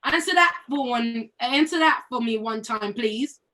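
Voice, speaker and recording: A woman reading a brash young London woman with a British accent, scolding her best friend in a rapid stream, with a fairly high voice. It is a cold reading of a scene, played with plenty of bite. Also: sharp tone, recorded from a distance. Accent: British, put on.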